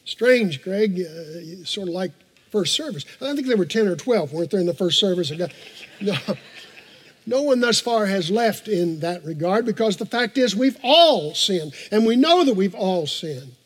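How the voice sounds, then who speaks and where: High-voiced preacher in a reverberant church. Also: male voice, expressive, normal speed, slightly rough. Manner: earnest, emphatic preaching with repetitions and conversational asides. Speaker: pastor. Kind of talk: sermon. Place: church sanctuary. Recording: long reverb of a large church hall.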